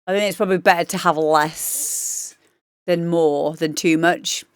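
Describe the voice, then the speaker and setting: A woman's voice: lowish voice, steady tone, a little slow, clean tone, no room sound, studio quality. A woman DJ hosting a livestream, chatting casually and rambling with lots of fillers as she gives feedback on demos. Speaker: DJ and livestream host.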